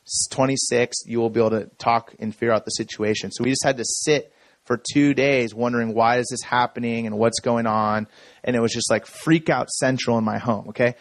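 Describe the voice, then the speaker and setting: At a conference talk, a man tells a personal story from the stage, relaxed and conversational, checking in with the audience along the way. His voice is mid-range and brisk, with no echo.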